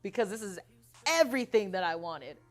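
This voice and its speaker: A young adult woman singer-songwriter in a casual interview, telling stories with frequent laughter and reading her own lyrics aloud softly. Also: mid-range voice, a little fast. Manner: animated storytelling, laughs often.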